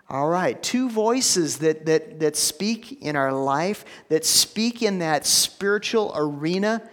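A man preaching a sermon to a congregation, swinging between hushed, slow lines and loud, emphatic ones. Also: high voice, animated. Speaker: pastor. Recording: long hall reverb.

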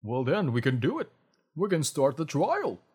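A man's voice: mid-range voice, expressive, moderate pace, darkish tone, lightly acted. A man voicing a stern, self-sacrificing doctor who speaks in stiff, heroic declarations. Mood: solemn.

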